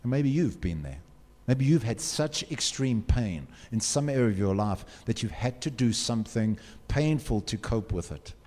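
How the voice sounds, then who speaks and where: A man's voice: mid-range voice, lively intonation, moderate pace, hardly any pauses, darkish tone. A man gives an earnest motivational talk to students, asking them direct questions. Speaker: speaker addressing students. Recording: long hall reverb.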